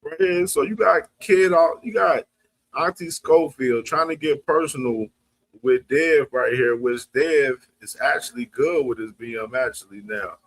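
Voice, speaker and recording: A man's voice: mid-range voice, unhurried. A man hosting a boxing livestream, talking in loose, slangy, casual commentary. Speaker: boxing stream host.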